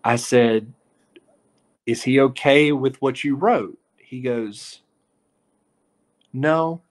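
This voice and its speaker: A man at the middle of the usual pitch range for men, spinning a story in a loose, chatty way. He is a sports reporter who jumps into other people's voices to act out their lines, and his delivery keeps climbing into lively bursts. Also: slow. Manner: animated storyteller, acts out quotes. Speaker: local TV sports reporter, guest. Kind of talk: casual podcast storytelling.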